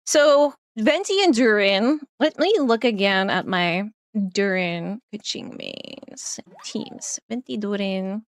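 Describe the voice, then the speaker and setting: A woman's voice: mid-range voice, animated, takes it slowly, no echo, clean studio sound. A woman casually commenting while playing a game on stream, chatty and laughing often, trailing off as she thinks.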